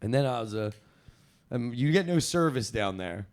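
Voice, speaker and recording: A young man spins a long party story on a casual podcast, swearing freely and breaking into laughter mid-sentence. He jumps between his own voice and quick impressions of the people he met, keeping a middling pitch and loose, rambling phrasing. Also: animated, slight background noise. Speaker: podcast co-host.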